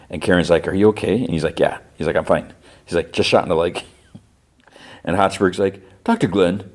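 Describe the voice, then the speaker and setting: A man hosting a podcast, casually retelling a TV episode scene by scene in quick quoted dialogue. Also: low voice, fairly even intonation. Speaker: podcast host.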